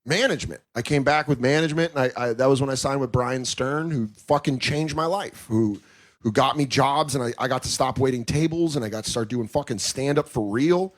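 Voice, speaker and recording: A man's voice: medium pitch, a little fast. A man in his thirties, a comedian talking candidly in a podcast conversation, telling stories with lots of swearing and acted-out quotes. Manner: profane, animated storytelling with quoted voices. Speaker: comedian guest.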